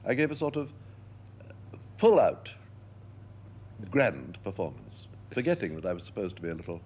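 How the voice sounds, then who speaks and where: An older man being interviewed, telling lively stories and acting out the voices he quotes. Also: deep voice, moderate pace, breathy edge. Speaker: interviewed actor. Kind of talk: anecdotal interview talk.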